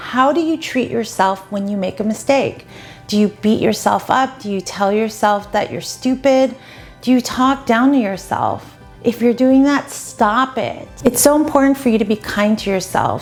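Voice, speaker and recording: A woman dating coach giving advice straight to the viewer in a gentle, encouraging way. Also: on the high side. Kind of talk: advice talk to camera.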